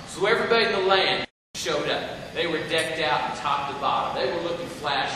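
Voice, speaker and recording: An energetic male motivational speaker giving a keynote with stories and pulling the crowd in, in a large hall full of people. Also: high-pitched, a little fast, a little hiss or hum. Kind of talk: keynote speech with storytelling. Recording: echoey hall, distant mic.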